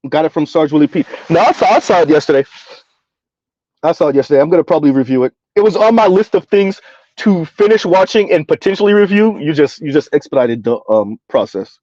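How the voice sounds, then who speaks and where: A man with a somewhat high voice gives casual live-stream commentary in a rambling, conversational way, often tagging lines with "right?". The sound is dry and a little dull, like a lo-fi home mic. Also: lively intonation, fast talker, warm tone, dry recording. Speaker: commentary streamer reading chat.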